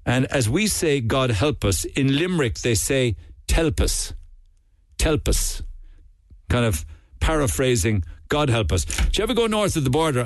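A man's voice: mid-range voice, no echo. A man with a Cork accent hosting a radio call-in show, chatting and reading out listener texts in an amused way. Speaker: radio talk show host. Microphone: studio mic.

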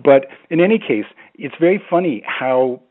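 A man's voice: a little high, expressive, normal speed, narrow, tinny audio. A man speaking as a language expert on a radio phone-in, hesitant with many restarts and fillers.

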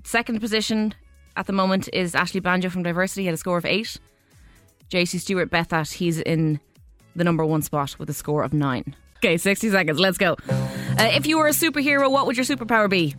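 A woman with an Irish accent hosting a casual radio interview, chatty and playful, firing off quick questions. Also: lowish voice, fairly bright tone, no room sound, soft background music. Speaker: radio host.

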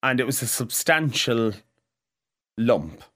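A man's voice: medium pitch, very animated, takes it slowly, fairly bright tone. A man co-hosting a podcast, telling crude stories in blunt, bawdy casual banter. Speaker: podcast co-host.

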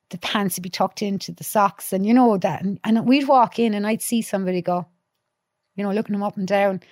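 Dublin woman, podcast guest, animated storyteller, swears freely, dry close sound. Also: mid-range voice, dry recording. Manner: lively storyteller, acts out quotes, swears freely. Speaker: podcast guest, youth worker. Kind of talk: casual chat.

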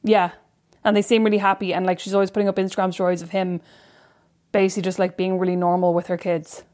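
A woman's voice: lowish voice, quick pace. Gossipy woman co-host. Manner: gossipy and animated. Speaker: podcast co-host. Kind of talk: casual chat.

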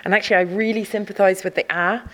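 A woman's voice: medium pitch, steady tone, fast, fairly bright tone. A woman from the Welsh borders, an artistic director, chatting reflectively in an interview with frequent fillers. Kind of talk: casual interview.

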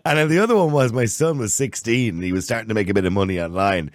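A man in his fifties co-hosting a podcast, telling stories in an animated way and chuckling often. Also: fairly low pitch, quick pace, dry recording, clean studio sound. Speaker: podcast co-host. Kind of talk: casual chat.

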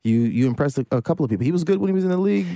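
A man's voice: fairly high pitch, animated, dark tone, no room sound. Easygoing American man, dry close voice. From United States. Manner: easygoing, quick agreeing interjections. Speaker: podcast co-host. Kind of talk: casual sports chat.

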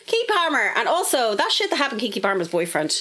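Woman, podcast co-host, casual chat, animated storytelling, swearing. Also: medium pitch, fast talker.

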